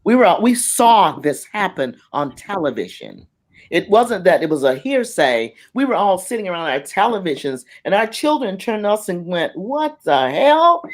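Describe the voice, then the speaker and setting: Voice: mid-range voice, very animated, moderate pace. A middle-aged arts facilitator speaking on a panel, telling personal stories with passion, acting out the voices they quote and often restarting words. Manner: impassioned, acts out quoted voices, frequent restarts. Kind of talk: panel talk, personal storytelling.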